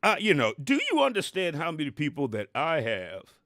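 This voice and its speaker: A middle-aged man giving casual, animated reaction commentary on an interview clip, exclaiming and talking back at it. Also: fairly high pitch, brisk, no echo, studio quality.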